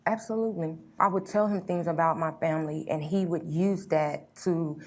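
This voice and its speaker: A woman sharing a personal testimony as an interview guest, earnest and quietly reflective. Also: deep voice, fairly even intonation, moderate pace. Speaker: guest sharing her story.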